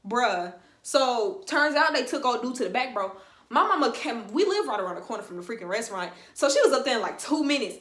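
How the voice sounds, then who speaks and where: A young woman telling a story on her vlog in a slangy, animated, emphatic way. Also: fairly high pitch, a little fast. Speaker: vlogger. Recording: roomy echo.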